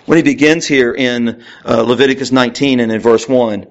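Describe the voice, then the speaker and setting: A man's voice: mid-range voice, steady tone, fairly quick, few pauses, highs cut off. A man preaching a conversational Bible lesson, reading verses aloud with rising emphasis between casual asides. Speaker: pastor. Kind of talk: Bible teaching sermon.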